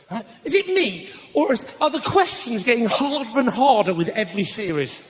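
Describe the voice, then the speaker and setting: A man doing stand-up comedy, ranting and slipping into shouted voices for his bits. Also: very high-pitched, big pitch swings, moderate pace, few pauses. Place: live comedy venue with audience laughter. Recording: noisy live stage recording.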